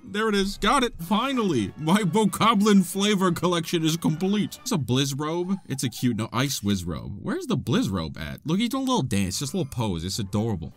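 Man with a wildly swinging pitch. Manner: excitable, playful, chats to the monsters on screen. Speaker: gaming YouTuber. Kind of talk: gameplay commentary.

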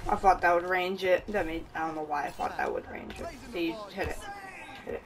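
A woman's voice: fairly low pitch, huge pitch swings, a little fast, recorded from a distance, low-quality recording. A young woman giving casual gameplay commentary, laughing often and swearing at her own plays. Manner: giggly, laughs often, swears while playing. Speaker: gaming channel host.

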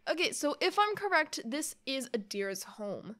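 Bubbly, bright-voiced young woman gushing. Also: high-pitched, very animated, normal speed. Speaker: YouTuber. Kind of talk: reading and reacting to a webcomic.

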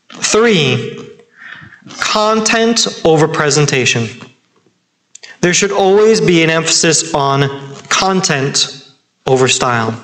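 Male pastor, fairly high voice, earnest sermon delivery with emphatic repetition. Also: a bit bright, a little hiss or hum, rough recording. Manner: earnest, emphatic, repeats key points. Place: church sanctuary.

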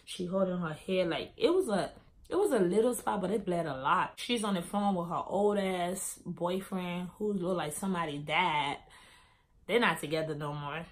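A young adult woman vlogger telling a personal story in a casual way, acting out the dialogue as she goes. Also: on the low side. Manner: animated, acts out quoted dialogue.

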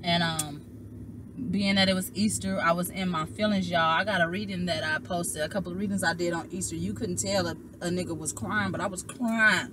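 A young woman, a tarot reader, casually telling viewers a personal story, animated and emotional, and calling them y'all. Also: lowish voice, moderate pace, noisy background.

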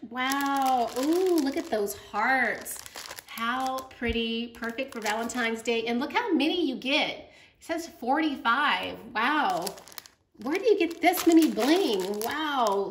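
A woman excitedly opening crafting gifts on camera in a casual, gushing vlog chat. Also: sits high. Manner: gushing, effusive. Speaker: craft vlogger. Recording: echoey room, faint noise.

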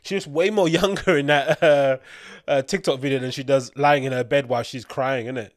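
A man's voice: medium pitch, steady tone, brisk, dry recording, studio quality. A man with a British accent, hosting a rambling solo podcast with opinionated commentary full of fillers and digressions. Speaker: podcast host.

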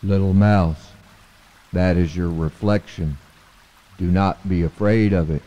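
Man playing a calm, wise old frog. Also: sits low. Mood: reassuring. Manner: slow, calm and patient. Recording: long hall reverb.

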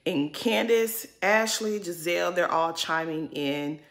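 A woman's voice: on the low side, unhurried, a bit bright. A woman giving casual, blunt commentary on a reality TV episode, talking straight to her viewers. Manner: sassy, blunt, addresses viewers as girl. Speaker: reality TV recap vlogger.

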